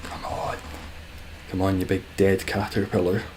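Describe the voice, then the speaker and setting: A young Scottish man with a low voice chats casually through a game stream. He jokes in a dry, teasing way and swears often. Faint noise sits behind him. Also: monotone, unhurried, a little mellow. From Scotland.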